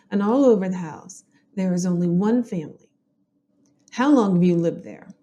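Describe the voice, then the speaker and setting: A woman's voice: mid-range voice, natural voice. A Southern woman reading as a plainspoken older woman witness. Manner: plain, steady reading of testimony. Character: older woman neighbor testifying at an 1890s inquest.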